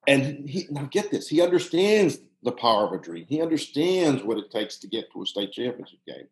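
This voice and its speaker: A man in his sixties from Pittsburgh, telling a long personal story in a casual, halting way with frequent restarts. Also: mid-range voice. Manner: animated, halting with restarts, drops to hushed tones. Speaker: guest storyteller, former soccer coach. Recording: roomy echo.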